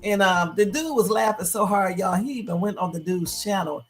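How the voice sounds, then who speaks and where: Animated, laughing woman streamer, casual storyteller, soft music underneath. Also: mid-range voice, moderate pace. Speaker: livestream host.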